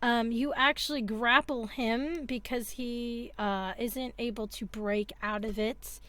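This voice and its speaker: A woman's voice: fairly high pitch, steady tone, slow, sharp tone. A woman game master narrating a tabletop game, loose and laughing, with many fillers.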